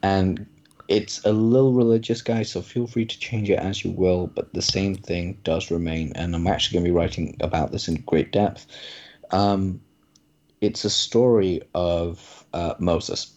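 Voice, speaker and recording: Casual storyteller, man, low mellow voice, muffled recording. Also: fairly even intonation, a little slow. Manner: casual, paraphrasing with many fillers. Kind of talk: podcast conversation, storytelling.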